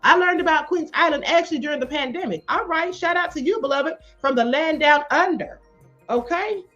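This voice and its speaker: A woman hosting a live stream, reading viewer comments and commenting in a sassy, animated way, calling people beloved and honey. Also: high voice, normal speed, highs cut off, faint music behind.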